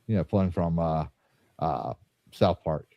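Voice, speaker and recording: A man's voice: low-pitched, slow pace, gravelly, dry recording. A man hosting a podcast in casual chat, rambling and joking, often stopping to restart his sentences. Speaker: podcast host. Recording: slightly dull, dry sound.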